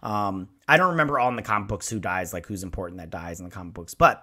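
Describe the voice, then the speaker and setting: Man, 40s, host, casual review, rambling, swears, bright tone. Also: deep voice, fast. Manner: excitable, rambling, swears freely. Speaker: show host.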